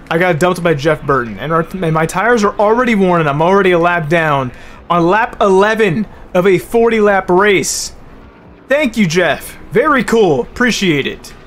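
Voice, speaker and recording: Young male gamer, slightly high voice, slangy chat with angry flare-ups over a racing game. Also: slight background noise. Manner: swears a lot and calls people bro; flares into loud angry rants. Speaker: gaming video host. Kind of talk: casual racing game commentary.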